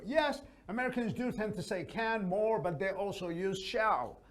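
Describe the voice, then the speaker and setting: A man's voice: sits high, expressive, normal speed, few pauses, fairly bright tone. A man teaching an English lesson in a chatty, casual way, often adding his own opinions. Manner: chatty, gives opinions, frequent fillers.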